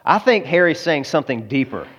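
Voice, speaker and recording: A man's voice: on the high side, sing-song, fairly quick, a bit bright, breathy edge. Conversational male preacher telling a story. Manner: conversational, with asides to the listeners. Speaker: pastor. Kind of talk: sermon storytelling.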